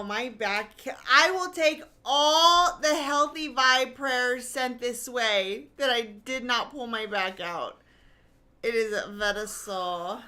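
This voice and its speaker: A woman's voice: a little high, pushed and bright. A woman co-hosting a live-stream coin auction, calling out bidder names and amounts in short calls. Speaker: auction co-host calling bids.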